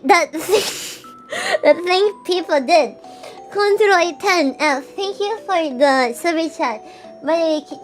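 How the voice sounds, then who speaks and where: A young woman streaming live, casually chatting with viewers in a playful, teasing way and often stammering over her words. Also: high-pitched. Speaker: VTuber streamer. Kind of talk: casual live-stream chat reading super chats.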